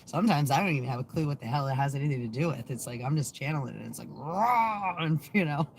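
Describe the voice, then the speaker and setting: A woman's voice: deep voice, animated, fast, vocal fry, a little hiss or hum. A woman hosting her own channel in casual vlog chat. She is sarcastic and swears freely, laughs often, and trails off into fillers and restarts. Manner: profane, sarcastic, laughs a lot. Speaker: channel host.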